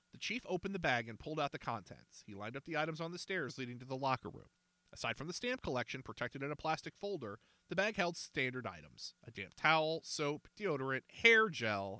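A man reading a children's mystery storybook aloud with an expressive manner. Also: medium pitch, moderate pace, dry recording. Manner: expressive, animated.

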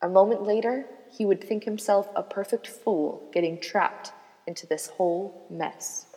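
A woman narrating a serialized story in a measured, dramatic manner. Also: mid-range voice, dark tone. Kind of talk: scripted audiobook narration. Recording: long reverb with background music.

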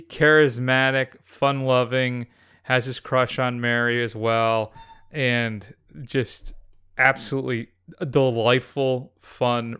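A man co-hosting a podcast, talking about favorite film characters in a relaxed, opinionated, dry way. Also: medium pitch, clean tone. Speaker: podcast co-host. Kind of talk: casual film chat.

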